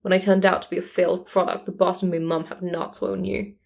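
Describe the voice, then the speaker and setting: A woman voicing a mocking, gravelly young male fire villain in a read-aloud story. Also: lowish voice, flat delivery, fairly quick, darkish tone. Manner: mocking, nonchalant.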